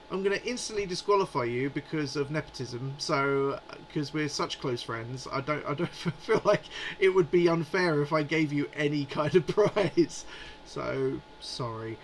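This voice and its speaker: A man's voice: fairly high pitch, expressive, a little slow, slight background noise, poor audio. A man in his forties hosting a live stream, chatting in a rambling, amused way. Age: 40s. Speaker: livestream host. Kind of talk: casual live chat.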